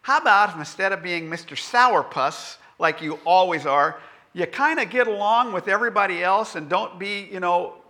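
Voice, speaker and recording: Man doing a wheedling royal messenger, bright tone, casual slangy coaxing. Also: high voice, normal speed, voice pushed up.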